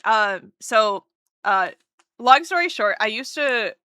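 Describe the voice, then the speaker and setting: A woman chatting casually on a live stream, bubbly and excitable, swearing freely as she greets viewers. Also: a little high, takes it slowly, clean tone, no echo.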